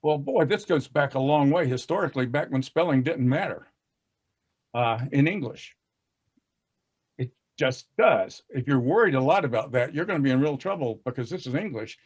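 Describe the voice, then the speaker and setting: A man's voice: medium pitch, animated, normal speed, slightly rough, dull audio. A man with a Southern US accent who talks in a folksy, self-deprecating way, laughing often as he leads a casual discussion about teaching reading on a video call. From American South.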